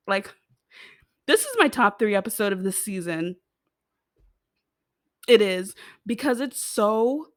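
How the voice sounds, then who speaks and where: A woman's voice: mid-range voice, no room sound, clean studio sound. A young American woman giving a casual, rambling TV recap, giggling and swearing freely as she talks. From United States. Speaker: TV show reviewer.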